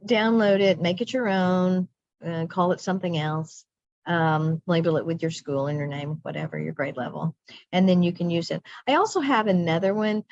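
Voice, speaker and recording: A woman's voice: on the low side, normal speed, darkish tone, dry recording, lo-fi sound. A middle-aged woman leading a recorded teacher training session, chatty and self-interrupting, laughing at herself.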